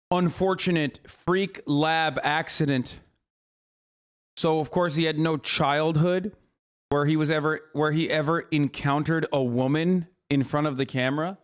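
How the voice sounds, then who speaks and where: A man live-streaming, reacting to a clip in a fast, incredulous, ranting way. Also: fairly high pitch, clean tone. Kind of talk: casual reaction commentary.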